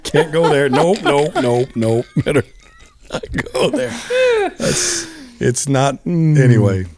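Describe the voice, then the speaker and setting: A man's voice: a little high, takes it slowly, no echo. A man hosting a comedy podcast, bantering casually with co-hosts, laughing often and joking around. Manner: jokey, laughs often, animated. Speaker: podcast host.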